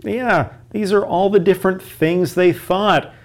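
A man's voice: sits high, fairly even intonation, measured pace. A man co-hosting a lesson, explaining a story and defining words for learners. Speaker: co-host and teacher.

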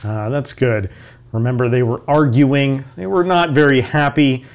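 A man's voice: medium pitch, moderate pace. Man explaining a story lesson plainly. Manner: plain, explanatory, defines words. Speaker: co-host and teacher.

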